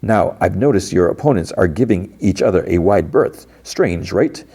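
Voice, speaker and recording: A man voicing an older male tech mogul who speaks in a measured, courteous way. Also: sits low, expressive, mellow, slightly rough, heavily acted. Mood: calm helpful.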